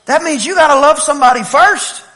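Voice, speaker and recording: A man from East Texas with an East Texas accent, preaching a lively sermon and telling playful stories to his congregation. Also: very high-pitched, brisk. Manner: animated, playful storytelling with laughs and shouts. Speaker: pastor.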